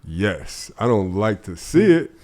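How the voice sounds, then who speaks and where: A man's voice: on the low side, sing-song, unhurried, warm tone. A man co-hosting a podcast, talking bluntly and animatedly and swearing freely. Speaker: podcast co-host. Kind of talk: casual podcast chat.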